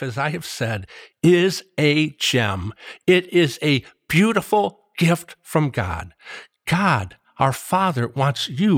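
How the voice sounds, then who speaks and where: A man giving a slow, earnest Catholic devotional reflection, reading scripture verses aloud. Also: fairly high pitch, no room sound, studio quality. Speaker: Catholic preacher.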